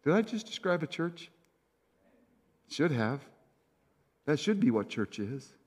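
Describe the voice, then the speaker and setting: Man, middle-aged, pastor preaching a sermon, slightly high voice, conversational storytelling, asides to the congregation, loud and soft in turns. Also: big pitch swings, slightly rough. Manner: storytelling, swinging from loud punchy lines to soft, slow, hushed ones. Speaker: senior pastor.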